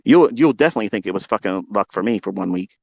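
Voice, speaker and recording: A man's voice: fairly low pitch, lively intonation, fast talker, gravelly, darkish tone, slightly rough, no room sound, lo-fi sound. A man hosting a live audio room as a trading mentor, ranting in a profane, confrontational and boastful way. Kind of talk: unscripted live audio rant.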